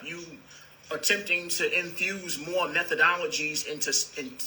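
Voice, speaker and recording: A man speaking as a spiritual teacher, calm and repetitive, who addresses his listeners as "beloved". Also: on the high side, low-quality recording. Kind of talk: spiritual talk.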